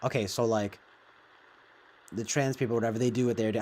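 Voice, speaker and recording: Casual man riffing off the cuff, plenty of cursing and filler, mid-pitched voice. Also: steady tone, fairly quick, darkish tone. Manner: profane, meandering, filler-heavy. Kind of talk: casual rambling commentary.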